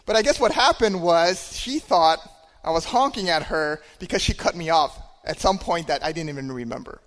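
A man speaking as a church minister at a Sunday service, telling a story in a relaxed way with hesitations and chuckles. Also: on the high side, normal speed. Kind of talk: sermon. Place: church sanctuary. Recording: long hall reverb.

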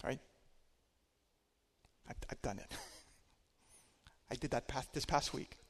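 A man preaching a sermon, telling a personal story in a conversational way, swinging between loud and quiet. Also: mid-range voice, takes it slowly, big-room sound.

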